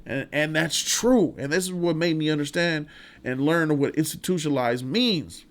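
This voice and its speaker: A man's voice: on the high side, normal speed. A man hosting a casual movie review vlog, rambling, profane and enthusiastic.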